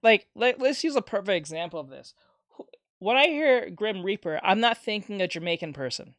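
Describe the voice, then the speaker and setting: A live streamer talks casually and rants with feeling, swearing now and then as they answer chat. The voice sits at a middle pitch. It is recorded close on a desk mic with a dry sound and no room echo. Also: a little fast. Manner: animated ranting with profanity, reads chat aloud.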